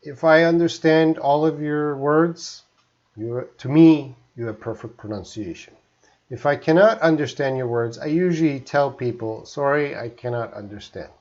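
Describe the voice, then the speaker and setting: A man from Canada teaching English on a live stream, speaking slowly and deliberately and often checking that listeners follow. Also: fairly high pitch, darkish tone, highs cut off. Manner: slow, deliberate teacher talk with frequent check-ins.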